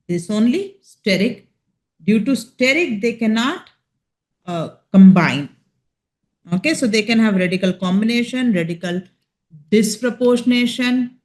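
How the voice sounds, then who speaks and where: A woman with an Indian English accent giving a chemistry lecture, explaining slowly and checking in with her students. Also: on the high side. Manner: slow, emphatic explaining with frequent check-ins. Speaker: chemistry teacher. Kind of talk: classroom lecture.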